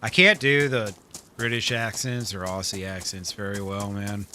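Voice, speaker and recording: Chill guy streaming a game, bright tense voice, cusses a lot, chuckles at chat. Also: lowish voice, normal speed, a little hiss or hum. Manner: laid-back, swears a lot, chuckles often. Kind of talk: casual live-stream chat with viewers.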